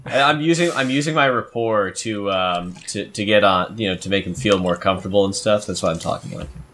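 A man's voice: lowish voice, brisk, fairly bright tone, slight background noise. A man playing a tabletop game, joking around and laughing a lot with the others. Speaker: player. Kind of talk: casual tabletop game play.

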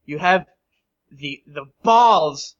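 A man's voice: on the high side, animated, very slow. Man voicing a blustering crime boss. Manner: crude, blustering threats. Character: lazy scheming male crime boss. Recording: dull lo-fi table recording.

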